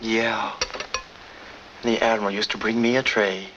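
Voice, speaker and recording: An actor playing a sullen, deadpan young man back from the Navy in a 1940s film. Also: fairly low pitch, unhurried. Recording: dull old film soundtrack with hiss.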